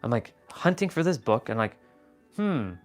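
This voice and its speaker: Animated, profane man telling a story. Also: medium pitch, a little fast, faint music behind. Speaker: livestream host. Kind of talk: casual storytelling livestream. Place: room at home.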